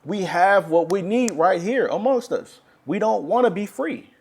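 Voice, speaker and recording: A man's voice: high-pitched, lively intonation, measured pace, gravelly, husky. Male religious speaker, urgent and frustrated, preaching off the cuff. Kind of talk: impassioned religious monologue.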